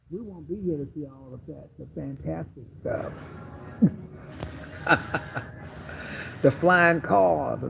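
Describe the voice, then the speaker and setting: Man vlogger with an animated, sassy comic delivery and a high, gravelly voice, swearing freely. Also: slight background noise, low-quality recording. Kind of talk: casual comedic monologue.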